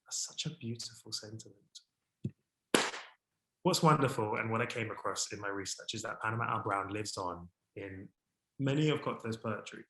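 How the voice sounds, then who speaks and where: A man giving a history talk, expressive and enthusiastic, lifting his voice when excited and reading a French poem aloud with care. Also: normal speed, echoey room, background noise. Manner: expressive, warm about his subject, rises in pitch and volume when excited. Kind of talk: presentation to an online audience.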